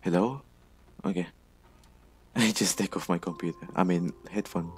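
A man giving halting, nervous commentary while playing a game. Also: low voice. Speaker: game player. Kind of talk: let's play commentary.

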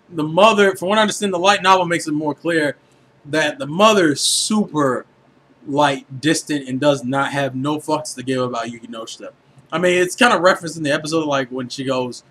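Man, anime reviewer, high voice, casual and profane, lots of filler. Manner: animated, profane, filler-heavy.

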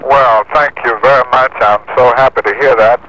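A man's voice: medium pitch, fairly even intonation, normal speed, sharp tone, a little hiss or hum. A man on an archival phone call, polite and earnest. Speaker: civil rights leader on the phone. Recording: muffled old phone tape.

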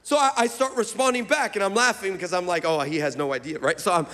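A man preaching a sermon as a pastor, telling a comic story in an animated, fast way with excited shouted bursts. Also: high-pitched, long reverb tail.

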